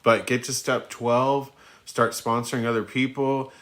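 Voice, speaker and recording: A man's voice: medium pitch, level tone, unhurried, a bit bright. A man in his thirties hosting a phone livestream, chatting casually and rambling with lots of fillers and frequent laughs. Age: 30s. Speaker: livestream host answering questions.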